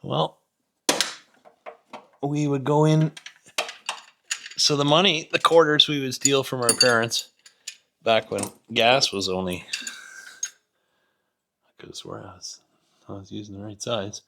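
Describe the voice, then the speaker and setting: Slow and steady, with vocal fry and frequent pauses, a middle-aged Canadian man mutters through a repair beneath an old vehicle in his garage. His voice is medium-pitched, the background is noisy, and a nearby camera records this casual workshop vlog full of rambling, self-deprecating jokes.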